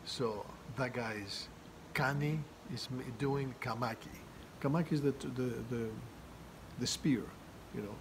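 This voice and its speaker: A man's voice: medium pitch, measured pace, noisy background. A man teaching words and phrases in a loose, chatty way, full of fillers and restarts, who chuckles at his own examples. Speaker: language teacher. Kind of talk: casual vocabulary lesson.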